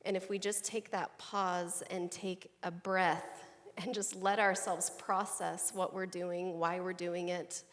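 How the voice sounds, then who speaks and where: A woman's voice: on the low side, level tone, takes it slowly. A woman coach on a panel, speaking in an enthusiastic, encouraging way. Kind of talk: panel discussion. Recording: reverberant hall.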